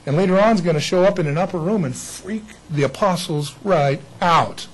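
A man preaching an Easter sermon in a lively way, acting out the people in the story. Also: sits high, moderate pace, husky, rough recording. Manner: animated, acts out bible figures. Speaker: pastor.

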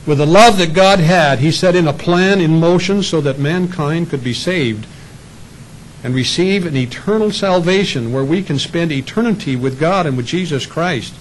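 A man's voice: a little high, moderate pace, a little hiss or hum, poor audio. A man preaching a sermon in a conversational way, sometimes acting out little voices for the people in his stories. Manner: conversational preaching with acted asides. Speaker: pastor.

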